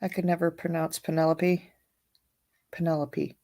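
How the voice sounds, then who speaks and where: A woman's voice: deep voice, little pitch movement, normal speed, dark tone. A woman hosting a casual livestream, reading viewer comments aloud and chatting bluntly, with frequent swearing and laughter. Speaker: livestream host.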